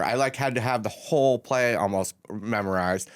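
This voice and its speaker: A man's voice: mid-range voice, moderate pace, smooth, dry recording, clean studio sound. Rambling man, comedian guest. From San Francisco Bay Area. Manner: rambling, searching for words. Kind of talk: casual interview chat.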